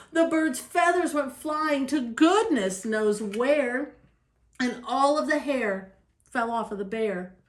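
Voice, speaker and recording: An older woman, a grandmother, reading a rhyming picture book aloud in an expressive, sing-song way. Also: high-pitched. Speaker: grandmother storyteller. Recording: roomy echo.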